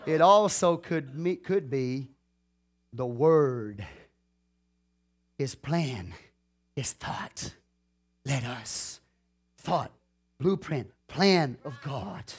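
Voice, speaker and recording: A man's voice: medium pitch, drawn-out words, long pauses. A man preaching a sermon in a church, talking straight to the congregation and asking them questions as he goes. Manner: lively preaching, calls out to the congregation.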